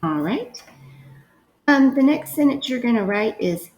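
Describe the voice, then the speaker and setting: A young woman teaching a recorded phonics lesson, dictating sentences slowly and sounding out words with care. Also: on the high side, sing-song, darkish tone, poor audio. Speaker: reading teacher.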